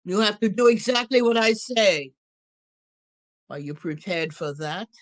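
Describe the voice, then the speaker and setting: A woman's voice: mid-range voice, expressive, measured pace, no room sound, natural voice, low-quality recording. A woman storyteller playing an ancient, wry witch in a drawling, teasing first-person telling. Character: ancient wry female witch Baba Yaga.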